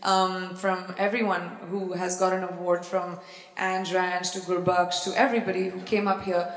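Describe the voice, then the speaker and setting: A woman's voice: on the low side, level tone, normal speed. A woman in her thirties with an Indian English accent, answering audience questions on stage in a playful, teasing way that often breaks into laughter. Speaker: celebrity guest on stage. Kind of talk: live stage Q&A, casual and joking. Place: large event hall. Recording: echoey hall with long reverb.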